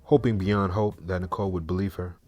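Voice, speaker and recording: A man narrating a story in a steady, measured, scripted way. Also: deep voice, soft background music.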